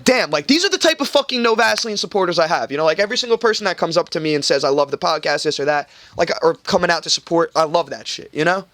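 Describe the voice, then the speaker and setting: A man's voice: high-pitched, fairly bright tone, no echo. A young man hosting a podcast, telling a rambling, profane story and acting out the people in it. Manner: rambling, swears a lot, acts out quoted people. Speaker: podcast host. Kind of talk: casual storytelling chat.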